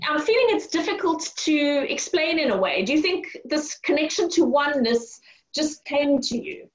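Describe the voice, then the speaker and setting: A woman hosting an interview over a video call, encouraging and asking gentle questions. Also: sits high, lively intonation, normal speed, rough recording. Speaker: interview host. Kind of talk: conversational interview.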